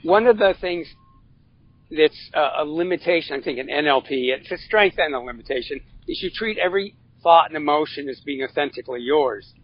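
A man who is a guest on a podcast, talking about coaching in an animated way, acting out little quotes and restarting his phrases. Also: on the high side, brisk, dry recording, highs cut off. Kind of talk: casual interview chat.

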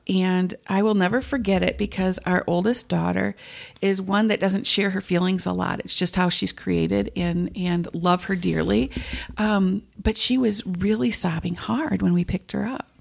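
Middle-aged woman guest, creaky edge, earnest animated storyteller. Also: medium pitch. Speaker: guest sharing her story. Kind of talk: conversational storytelling.

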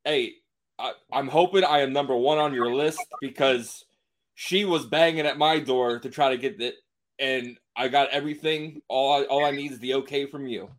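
A man co-hosting a show, chatting in a laid-back, halting way and often repeating himself. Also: medium pitch, fairly even intonation. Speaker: co-host. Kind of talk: casual chat on a stream.

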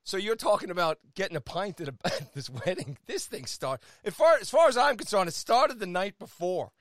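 Male podcast host, teasing and jokey, slightly high voice, dry close-miked sound. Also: very animated, a bit bright, no echo. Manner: playful, quick to laugh and tease. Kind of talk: casual chat.

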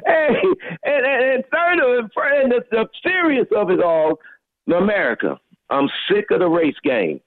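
A man's voice: very high voice, lively intonation, unhurried, no echo. Fired-up male caller on a phone line. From Texas. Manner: fired-up, preachy, repeats phrases. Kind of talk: impassioned call-in rant.

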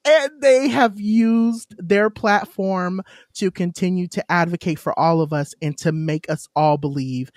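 A woman's voice: fairly low pitch, unhurried, few pauses, a little mellow, dry recording, clean studio sound. A woman co-hosting a podcast in casual chat, heartfelt and effusive, given to laughing. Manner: emotional, effusive. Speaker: podcast co-host.

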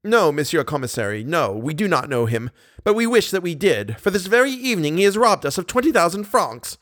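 A man reading an audiobook, voicing a flustered middle-aged opera manager who is excitable and exasperated. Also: a little fast, no room sound, studio quality. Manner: excitable, exasperated, high-pitched outbursts.

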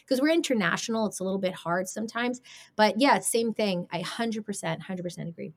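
A woman speaking as a podcast guest, lively and expressive, often acting out tones of voice and laughing as she talks. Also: mid-range voice, a little fast. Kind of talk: conversational podcast discussion.

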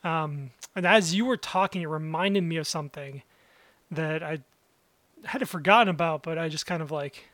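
A man's voice: fairly high pitch, moderate pace, a bit bright, no echo. A young man co-hosting a podcast, chatting casually and upbeat. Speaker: podcast co-host. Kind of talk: casual chat.

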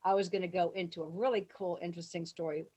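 A woman casually telling a story, acting out the people she quotes, shouting their lines, laughing and swearing freely. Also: on the low side, fast talker, breathy edge. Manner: animated, acts out quotes with big shouts. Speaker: guest telling stories.

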